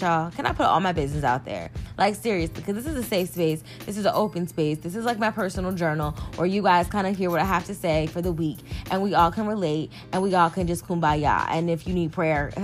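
A young adult woman talking casually and animatedly to her listeners, like a personal podcast monologue. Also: mid-range voice. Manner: chatty, animated, addresses listeners as y'all. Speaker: podcast host.

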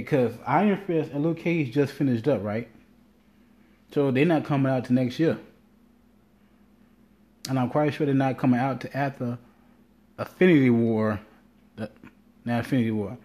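This podcast host rambles loosely in a solo monologue, his mid-range voice warm and mellow. Swearing comes easily to him, and he slips into quick impressions of others' words.

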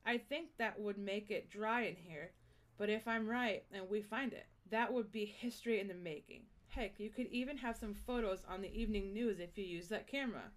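A woman's voice: mid-range voice, moderate pace, natural voice. Woman voicing a wondering explorer dad. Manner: eager, wondering, encouraging. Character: curious middle-aged father cave explorer. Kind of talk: storytelling podcast reading.

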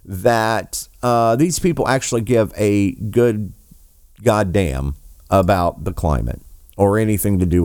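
A man's voice: on the low side, a little mellow, dry recording, studio quality. A man giving sarcastic, mocking political commentary, swearing freely as he rants. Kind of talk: ranting commentary.

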